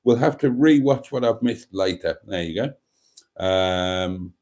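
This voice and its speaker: Guy rambling on a live stream, lowish voice, reads out chat comments. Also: lively intonation, measured pace, a little mellow. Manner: rambling storyteller reading out viewer comments.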